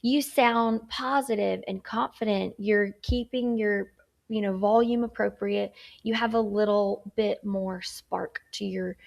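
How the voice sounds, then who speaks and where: A woman's voice: medium pitch, vocal fry. A woman teaching a workplace communication lesson in a chatty way, often checking in with "okay?" and acting out examples of tone. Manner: acts out tone examples. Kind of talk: recorded workplace skills lesson.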